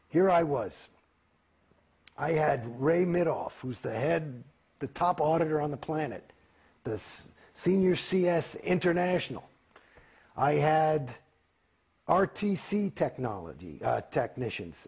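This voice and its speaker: A man giving a candid interview in a heated, profane, rambling way, swearing often, in a gravelly, husky voice. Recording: quiet, low-volume recording.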